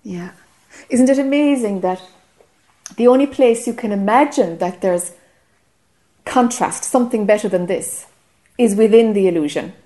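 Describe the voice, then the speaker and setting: A woman's voice: mid-range voice, moderate pace, warm tone. A woman with an Irish accent giving a spiritual teaching talk to a group, earnest and often checking whether listeners follow.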